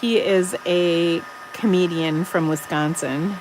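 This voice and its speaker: A middle-aged woman from Minnesota hosting a live card-making demo, chatty and enthusiastic, dropping into soft muttered asides as she works. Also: on the low side, steady tone, takes it slowly, background noise. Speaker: craft livestream host.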